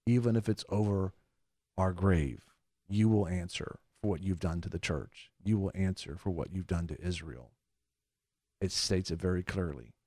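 A man with a low voice speaks as a radio host and preacher, earnest and plain-spoken. He sounds close to the mic in a dry, dead room. His delivery is conversational even when he preaches. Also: moderate pace, no echo. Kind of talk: sermon commentary and radio announcements.

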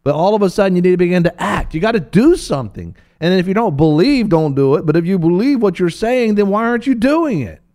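A man teaches from the Bible during a preaching talk, animated and playful as he acts out the voices of biblical figures. His voice is high and fast, with few pauses.

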